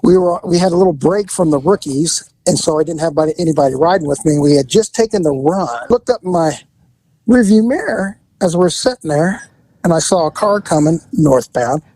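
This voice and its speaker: A man who hosts a podcast and used to be a police officer, telling a story in casual chat, animated and profane, acting out the quotes. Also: on the high side, brisk, dry recording, low-quality recording.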